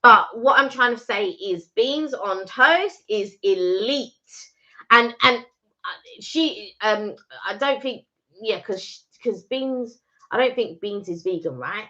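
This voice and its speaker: A woman's voice: medium pitch, lively intonation, slow pace, pushed and bright. A British woman co-hosting a casual live stream, making her point emphatically and repeating it to persuade viewers. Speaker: co-host of a live chat stream. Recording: dull lo-fi live-stream audio.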